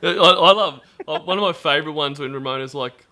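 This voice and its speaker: A man hosts a relaxed chat with a bright, forceful voice. He laughs often and slips into quoting callers mid-sentence. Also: fairly high pitch, a little fast. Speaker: podcast host. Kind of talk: casual chat.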